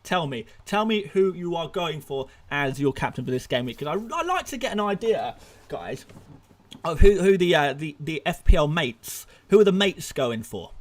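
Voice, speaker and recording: A young man hosting a live stream, firing off rapid answers to viewer questions, excitable and laughing often, out of breath at times. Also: on the high side. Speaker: fantasy football streamer.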